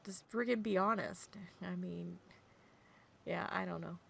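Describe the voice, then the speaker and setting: A woman chatting casually with viewers, telling stories in an animated way and laughing often. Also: fairly low pitch, a little slow, vocal fry, husky. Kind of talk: casual chat.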